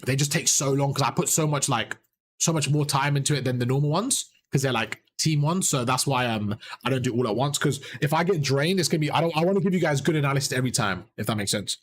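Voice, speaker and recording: A young man coaching players and chat through a live game review, excited and rapid, his voice worn out. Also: on the high side. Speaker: esports coach and streamer. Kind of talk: live VOD review commentary.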